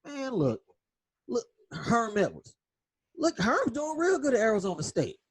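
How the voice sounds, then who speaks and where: A man co-hosting a sports podcast in casual chat, emphatic and animated in how he argues his points. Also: unhurried, breathy edge. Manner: emphatic, animated, drops into low tones for emphasis. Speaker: podcast co-host.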